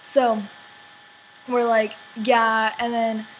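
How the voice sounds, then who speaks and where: A woman's voice: mid-range voice, fairly even intonation, normal speed, fairly bright tone, slight background noise, rough recording. A teenage girl, telling a story in a casual vlog, rambling and full of "like". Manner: rambling, many "like" fillers. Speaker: vlogger.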